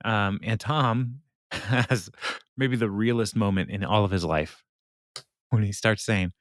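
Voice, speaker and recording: A man's voice: on the low side, slow pace, pauses often, no room sound, clean studio sound. Laughing, rambling man recapping a sitcom. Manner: rambling with many fillers, laughs often. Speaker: podcast co-host recapping a sitcom episode. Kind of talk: casual chat.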